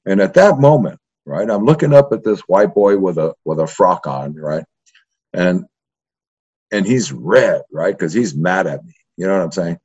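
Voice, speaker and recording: Low-pitched and breathy at the edges, this older man speaks at normal speed. He's a history professor from East Los Angeles telling profane tales of his youth in a casual interview, animated and constantly adding "right?", over dull lo-fi audio.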